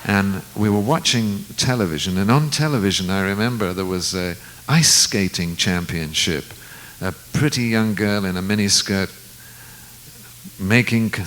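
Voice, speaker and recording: A man, a guest musician, telling a long anecdote in an unhurried, reflective way, acting out the lines of the people in it. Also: sits low, a bit bright, rough recording. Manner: unhurried, reflective storyteller who acts out quoted lines. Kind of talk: storytelling anecdote in conversation.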